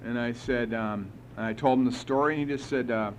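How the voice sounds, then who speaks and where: Middle-aged man telling a lively recovery story. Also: medium pitch, a little fast, slight background noise, poor audio. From United States. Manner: animated storyteller acting out dialogue, chuckling. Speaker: recovery meeting speaker. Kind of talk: personal recovery story told to a meeting. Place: meeting hall.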